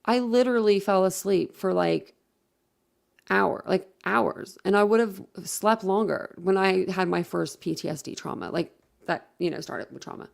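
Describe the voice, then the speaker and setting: Rambly woman on a live stream, gravelly fry in her voice, mid pitch, reading chat out loud. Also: moderate pace. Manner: rambling, chatty, many fillers and self-corrections. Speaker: livestream host.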